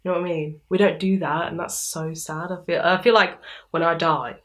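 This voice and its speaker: A young woman from England talks casually in an interview, her voice sitting a little low. She laughs often and slips into little acted-out quotes of her own thoughts. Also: moderate pace. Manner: chatty, laughs often, animated quoting. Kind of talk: casual chat.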